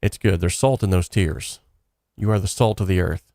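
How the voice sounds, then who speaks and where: A man's voice: low voice, normal speed, a little mellow, no echo. A man hosting a casual livestream, talking in an earnest, encouraging way and rambling loosely with frequent fillers. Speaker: livestream host of a song contest.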